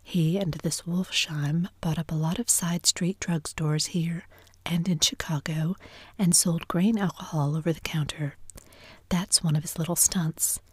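A woman's voice: sits low, fairly even intonation, unhurried, breathy edge, no room sound. A woman whispering the part of a brash, domineering wealthy husband in a whispered role-play reading.

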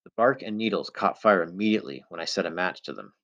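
A man reading a first-person adventure story aloud with measured, tense storytelling. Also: low voice, lively intonation, fairly bright tone. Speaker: audiobook narrator. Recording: dull lo-fi recording.

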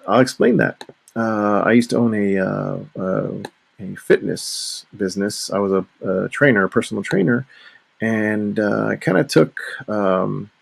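A man with a low, gravelly voice hosts a casual solo podcast. He rambles along, circling back and restarting his sentences as he talks. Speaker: podcast host.

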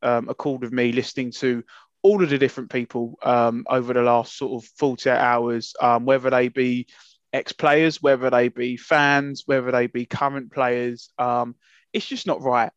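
A man's voice: medium pitch, flat delivery, moderate pace, dry recording. A man co-hosting a casual podcast, talking in an impassioned, emphatic way with many fillers and restarts. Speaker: podcast co-host. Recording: muffled lo-fi, dry sound.

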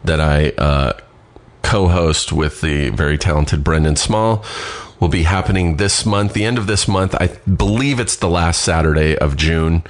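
A man's voice: sits low, measured pace. A man hosting a podcast, rambling and self-deprecating in casual chat. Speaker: podcast host.

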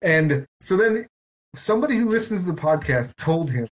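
Man, podcast host, casual chat, rambling self-mocking storytelling, slightly high pitch. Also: very animated, moderate pace. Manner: rambling, self-mocking storytelling with lots of quoted back-and-forth.

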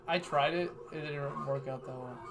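A man's voice: on the high side, steady tone, moderate pace, vocal fry, noisy background. A young man co-hosting a podcast, chatting casually with joking, teasing banter. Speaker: podcast co-host. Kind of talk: casual chat.

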